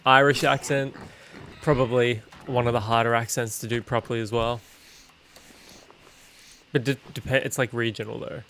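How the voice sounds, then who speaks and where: An Australian man streaming a game, chatting in a relaxed way and swearing casually. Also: medium pitch, normal speed, long pauses, slight background noise. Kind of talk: casual chat while gaming.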